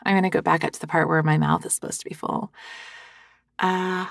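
A woman's voice: on the low side, little pitch movement, a little fast, creaky, dry recording. A woman speaking out of character to her listeners, chatty and a little self-conscious, close to a sensitive microphone. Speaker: audio role-play performer. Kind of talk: casual aside to listeners.

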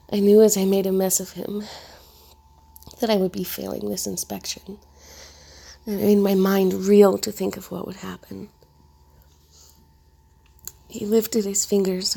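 Gravelly, husky woman narrating softly. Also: medium pitch. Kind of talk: first-person story narration.

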